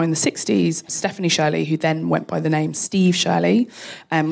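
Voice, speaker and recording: Panel guest, woman, rapid and enthusiastic, low-ish with some vocal fry. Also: darkish tone. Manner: fast, enthusiastic, chatty. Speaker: guest tech founder. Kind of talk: live podcast panel talk. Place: live audience at a museum event.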